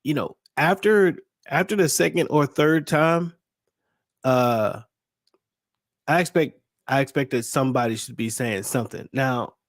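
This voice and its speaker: A man's voice: mid-range voice, a little slow, dry recording, studio quality. A man on a podcast who talks in a hesitant, thoughtful way and searches for his words. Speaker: podcast co-host. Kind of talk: casual conversation.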